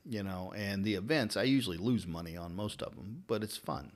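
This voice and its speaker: This Louisville, Kentucky man talks low and brisk as he chats casually. A barber who also interviews, he rambles through stories and acts out his anecdotes with energy.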